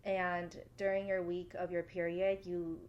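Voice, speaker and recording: Young woman podcast cohost, soft and agreeable, lots of um and like. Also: on the low side, little pitch movement, unhurried, lo-fi sound. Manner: soft-spoken, agreeable, many fillers. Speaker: podcast co-host. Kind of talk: casual chat.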